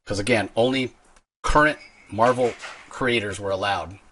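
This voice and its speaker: A man's voice: on the low side, normal speed, a little hiss or hum. A man hosting a podcast, telling a long, rambling story in casual chat. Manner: rambling, animated storyteller with restarts. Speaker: podcast host.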